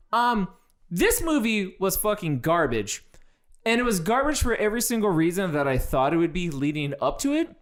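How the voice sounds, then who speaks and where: A man co-hosting a casual movie review, blunt and exasperated, swearing freely as he rants. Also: sits high.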